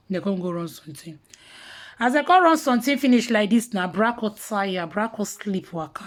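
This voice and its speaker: A woman with a Nigerian Pidgin accent telling gossip in casual commentary, mocking and animated, sometimes dropping to hushed asides. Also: medium pitch, normal speed. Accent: Nigerian Pidgin English.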